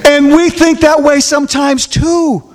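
A man preaching a sermon with call-and-response questions to the congregation, acting out the voices of the people in the story and rising to shouts. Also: very high voice, flat delivery, a little slow, crowd noise. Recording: long hall reverb.

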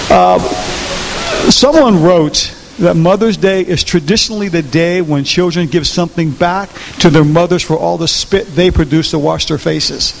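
A man's voice: on the high side, creaky, background noise. A man preaching a Mother's Day sermon in church, telling stories and asking the congregation questions. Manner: asks the congregation questions, storytelling. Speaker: pastor.

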